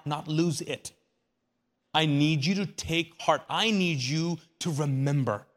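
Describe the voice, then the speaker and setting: A man's voice: fairly high pitch, slow pace, big-room sound. A male pastor preaching a sermon in a conversational way, asking the congregation rhetorical questions and repeating his key phrases.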